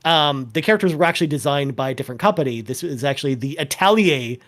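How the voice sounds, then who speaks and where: A man's voice: on the high side, animated, fast talker, fairly bright tone. Chatty young man on a gaming podcast. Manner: rambling, self-correcting, laughs often. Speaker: guest. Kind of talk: casual podcast chat.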